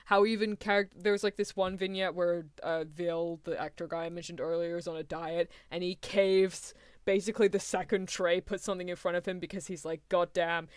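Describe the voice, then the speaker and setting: A woman's voice: lowish voice, little pitch movement, a little fast, darkish tone, smooth, dry recording, clean studio sound. A woman streamer giving rambling, chatty reaction commentary, often laughing mid-sentence.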